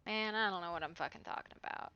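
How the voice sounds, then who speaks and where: A woman's voice: fairly low pitch, quick pace, bright, forceful tone, clean tone. A woman streaming from home in casual, chatty talk, swearing freely and baby-talking to her dogs, heard over a dull lo-fi recording with faint music. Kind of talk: casual chat.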